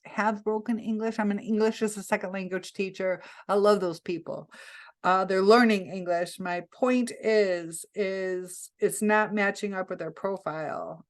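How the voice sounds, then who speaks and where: A woman vlogger casually telling a story to camera, chatty and rambling, often pausing and correcting herself. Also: medium pitch. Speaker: vlogger recounting a scam attempt.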